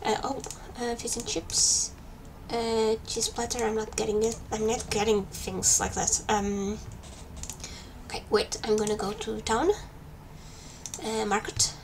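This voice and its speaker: Gravelly-voiced woman chatting while gaming. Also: on the high side, little pitch movement, a little slow. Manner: chatty, talks to herself while playing. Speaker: gaming streamer. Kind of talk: casual let's-play commentary. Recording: faint background noise.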